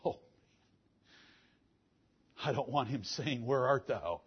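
A man preaching a fiery sermon, swinging from loud emphatic declarations to low, intense talk. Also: lively intonation, moderate pace, slightly rough. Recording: muffled lo-fi sermon recording.

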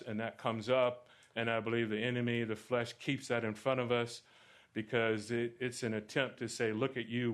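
Bright-voiced preaching man. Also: medium pitch. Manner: animated preaching, rising loud at emphasis. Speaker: pastor. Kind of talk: sermon Q&A.

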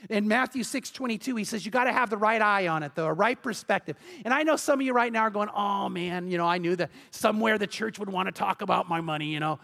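A pastor preaching a sermon, animated and acting out the voices of the people he quotes. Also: high voice. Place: church sanctuary. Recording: long hall reverb.

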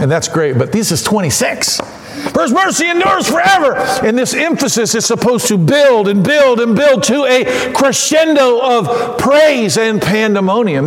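Preaching with energy, a high-voiced pastor keeps working his way toward shouts. The hall is echoey, and every word rings out with a long tail, like a large church sanctuary.

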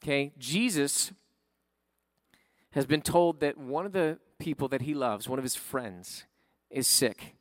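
A man's voice: medium pitch, measured pace, dry recording. Conversational male preacher, dry sound. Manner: conversational preaching with frequent "right?" asides. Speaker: pastor. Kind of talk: sermon.

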